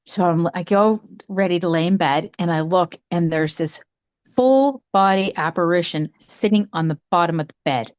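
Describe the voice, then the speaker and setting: A middle-aged woman recounts a ghost story in relaxed conversation, her voice leaping up whenever she acts out what people said. The sound is dry and a bit dull, close to the mic with no room around it. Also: normal speed, no echo. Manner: animated, acts out quotes with big pitch jumps. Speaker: podcast co-host, psychic. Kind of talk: casual storytelling chat.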